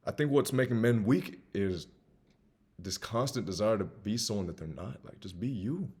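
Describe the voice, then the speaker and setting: A young man with a husky, fairly low voice and a faint Southern US lilt. He speaks emphatically as a self-improvement host, repeating phrases and switching between loud urging and quiet, confessional asides. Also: expressive, normal speed. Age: 20s. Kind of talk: earnest personal monologue.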